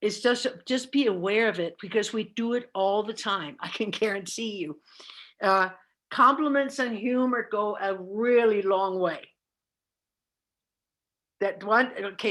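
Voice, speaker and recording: A woman's voice: mid-range voice, a bit bright. Woman, middle-aged, earnest, self-correcting, presenting a training talk. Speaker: caregiving trainer. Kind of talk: presentation with discussion.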